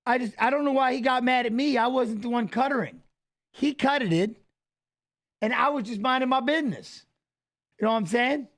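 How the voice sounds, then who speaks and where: High-voiced guy ranting casually, swearing, loud quoted bits. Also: normal speed. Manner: animated storytelling, loud exclaimed quotes, swearing. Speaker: fight analyst streaming a watch-along. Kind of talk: casual chat.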